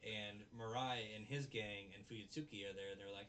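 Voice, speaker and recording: A man casually recapping an anime episode with a friend, jumping into high squeaky voices to mimic characters. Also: fairly even intonation, moderate pace, few pauses, a bit bright, recorded from a distance, a little hiss or hum. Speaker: podcast co-host.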